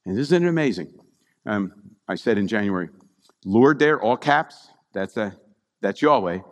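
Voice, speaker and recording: A pastor with a fairly low, expressive voice preaches a sermon at a moderate pace in a reverberant hall. His style is conversational, peppered with frequent "right?" asides.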